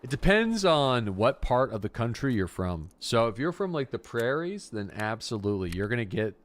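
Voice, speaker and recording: A man's voice: medium pitch, very animated, normal speed. A man from the Canadian Maritimes, a game streamer rambling in laid-back casual chat while playing, swearing freely.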